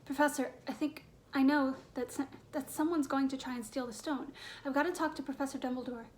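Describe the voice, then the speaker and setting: A woman's voice: high voice, fairly even intonation, fairly quick, darkish tone, slight background noise, close to an everyday voice. A woman voicing a determined young boy wizard who speaks urgently and intensely.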